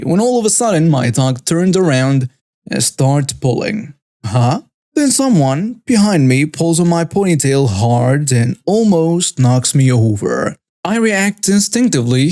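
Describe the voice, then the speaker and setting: A man's voice: medium pitch, mellow, dry recording. A man narrating first-person stories in a plain, matter-of-fact scripted style on a close mic. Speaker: story narrator.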